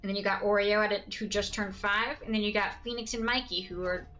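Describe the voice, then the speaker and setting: A woman's voice: medium pitch, steady tone, brisk, bright, forceful tone, highs cut off, slight background noise. A woman streamer chatting casually while gaming, rambling and laughing often.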